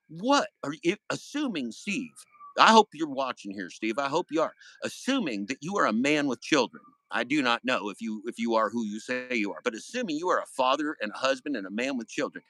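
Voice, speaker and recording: A man's voice: high voice, sharp tone, dry recording, low-quality recording. A man hosting a livestream, ranting in anger and confronting someone with swearing and loose dialect grammar. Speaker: livestream host. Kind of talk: heated livestream rant.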